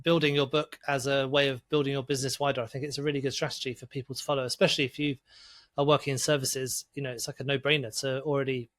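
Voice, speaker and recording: A man's voice: mid-range voice, flat delivery, fast, fairly bright tone. A man hosting a podcast, talking with a guest and reading a sponsor spot, enthusiastic and chatty. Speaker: podcast host. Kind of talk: podcast interview and sponsor read.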